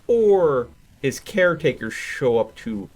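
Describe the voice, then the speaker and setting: A man playing in a tabletop role-playing game, thinking out loud and explaining his reasoning at length. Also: mid-range voice, sing-song, slow pace. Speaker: player. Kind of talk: casual tabletop game chat.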